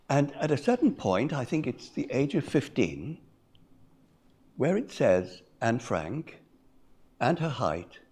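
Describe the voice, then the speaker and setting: Older man telling a story with lively pitch. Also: slightly rough. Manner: measured, reflective storytelling with pauses. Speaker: conference speaker. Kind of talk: personal story told in a talk.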